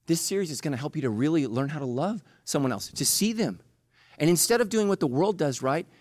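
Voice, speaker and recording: A middle-aged man preaching a sermon as pastor. He talks passionately, jumping from loud bursts to hushed, slow emphasis. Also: fairly high pitch, expressive, dry recording, studio quality.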